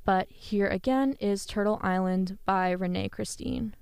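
Smooth-voiced woman reading and chatting. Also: mid-range voice, measured pace, darkish tone, no room sound. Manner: chatty, self-effacing. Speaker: host presenting a playlist. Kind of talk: poetry reading and casual spoken commentary.

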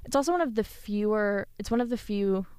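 A woman's voice: mid-range voice, animated, fairly quick, darkish tone, clear, resonant tone, no echo. A woman hosting a music playlist, reading a poem aloud and then chatting casually and modestly about the next songs. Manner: chatty, self-effacing. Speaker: host presenting a playlist. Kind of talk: poetry reading and casual spoken commentary.

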